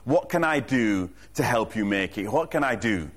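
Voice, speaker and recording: A man's voice: lowish voice, expressive, normal speed. A man preaching a sermon as pastor, earnest and emphatic, repeating his key lines and often restarting a phrase mid-thought. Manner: frequent restarts and self-corrections. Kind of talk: sermon to a congregation.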